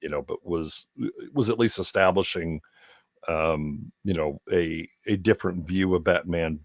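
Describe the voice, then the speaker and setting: Deep-voiced rambling man. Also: unhurried, no room sound, clean studio sound. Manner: rambling, many restarts and fillers. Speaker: guest co-host. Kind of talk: casual podcast chat.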